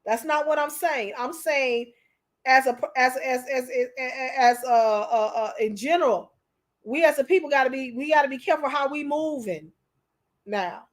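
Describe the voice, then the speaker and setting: Emotional, preachy high-voiced woman. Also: normal speed. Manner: preachy, repeats herself, calls listeners honey. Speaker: commentator. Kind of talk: emotional commentary.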